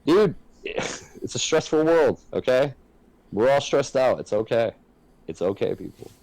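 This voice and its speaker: A man's voice: mid-range voice, expressive, measured pace, darkish tone, no room sound, low-quality recording. A man co-hosting a casual podcast, talking frankly and earnestly and swearing freely. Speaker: podcast co-host.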